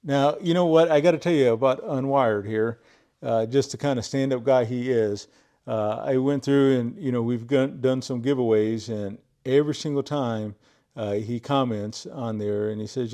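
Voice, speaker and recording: A man chatting to the camera while he opens viewer mail of old tools. He is effusive, repeats his praise and fills pauses with "uh" as he thinks aloud in his garage. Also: mid-range voice, warm tone. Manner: thinks aloud with many fillers. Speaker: tool collector opening viewer mail. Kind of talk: casual unboxing chat to camera. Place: home garage.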